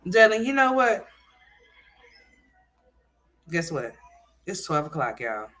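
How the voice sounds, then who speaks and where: A woman hosting a casual livestream chat, loud and scolding one moment and joking the next. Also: on the low side, very animated, slow. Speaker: livestream host.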